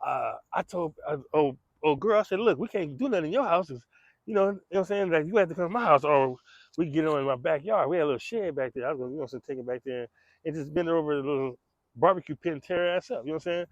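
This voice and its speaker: A man with a high-pitched voice spins a profane, slang-heavy street story in loose conversational style, acting out gunshots and other people's lines. The sound is dull and lo-fi, and close and dry with no room around it. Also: racing, dry recording.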